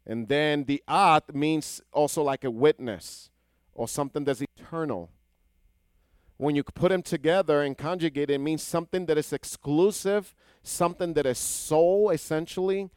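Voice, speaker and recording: A man's voice: on the high side, clean tone, dry recording. A man teaching a scripture lesson who explains Hebrew words and keeps asking his listeners questions. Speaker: Torah teacher.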